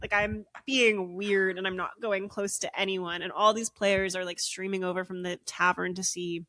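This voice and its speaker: A woman's voice: mid-range voice, moderate pace, no echo. A young woman hosting a podcast, telling a long story in casual chat with lots of "like" fillers. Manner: animated, frequent "like" fillers. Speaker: podcast co-host.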